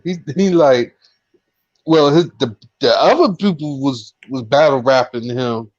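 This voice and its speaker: A man co-hosting a casual podcast chat, easygoing and quick to chuckle. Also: medium pitch, darkish tone, dry recording, muffled recording.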